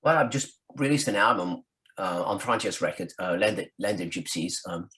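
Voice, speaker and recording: Low-voiced man. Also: moderate pace. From France. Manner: animated, acts out quoted voices. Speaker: guest, rock singer. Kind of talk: casual storytelling in an interview.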